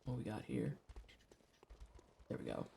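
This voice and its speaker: A game streamer talking to chat mid-session in a loose, unscripted way. The talk is crude and jokey, full of swearing and offhand teasing of the game. The pitch sits in an ordinary middle range. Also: sing-song, a little slow, gravelly, warm tone, a little hiss or hum. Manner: profane, joking, talks to chat. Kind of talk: casual livestream chat while gaming.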